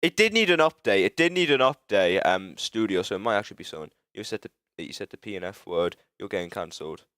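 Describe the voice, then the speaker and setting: A man's voice: low voice, lively intonation, a bit bright, no room sound, clean studio sound. Rambling British man on a live stream. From Britain. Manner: rambling, self-interrupting, swearing, quick to frustration. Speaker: livestreamer. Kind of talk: casual live-stream chat while game building.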